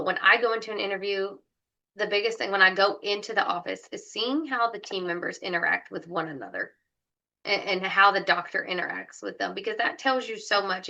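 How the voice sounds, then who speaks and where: Bright, upbeat woman giving advice. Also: medium pitch, creaky. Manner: upbeat, enthusiastic advice-giver. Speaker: co-host, dental recruiter. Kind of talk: casual podcast chat.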